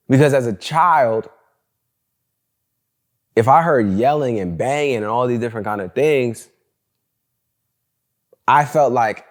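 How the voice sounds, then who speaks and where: A young man hosting a solo podcast, talking casually and candidly in slangy storytelling, with "bro" and "like" all through his speech. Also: mid-range voice. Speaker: podcast host.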